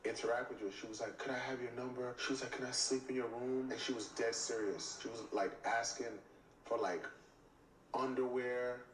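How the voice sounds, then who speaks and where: A man tells a story in a lively way, voicing both himself and the other person and saying "I was like" again and again. His voice is in the middle range and sounds roomy and a little distant. A faint hum of the room sits under the recording. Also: medium pitch, normal speed. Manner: acts out both sides of the dialogue, often repeating "I was like". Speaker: reality TV cast member telling a story. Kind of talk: animated storytelling. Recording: echoey room, mic at a distance, faint ambience.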